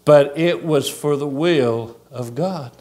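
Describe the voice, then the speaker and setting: A pastor delivers his sermon with fervor, his voice sitting high for a man. He takes his time, leaning on slow, deliberate phrasing and pressing his listeners with rhetorical questions. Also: darkish tone. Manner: fervent, preaching with rhetorical questions. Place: church sanctuary.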